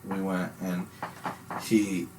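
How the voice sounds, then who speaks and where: Deep-voiced young man rambling a story. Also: flat delivery, slow, noisy background. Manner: rambling, swears a lot, bursts into loud high impressions. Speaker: podcast host. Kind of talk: casual chat, storytelling.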